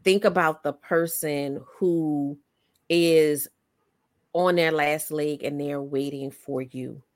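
A woman podcast host and coach in casual interview chat, talking in an animated, motivational way with many fillers. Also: low voice, slow pace, dry recording, studio quality.

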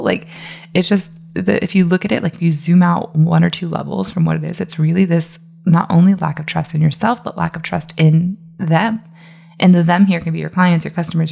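A woman's voice: on the low side, creaky, a little mellow, a little hiss or hum. A young adult woman coach hosting a solo podcast, talking casually and emphatically with frequent "like" and "right?" fillers. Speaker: business coach, podcast host.

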